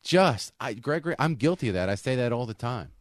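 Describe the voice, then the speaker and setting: A man co-hosts a casual talk show, rambling and interrupting himself with frequent sentence restarts. His medium-pitched voice has lively intonation and a slightly fast pace, captured in clean studio sound with no room sound.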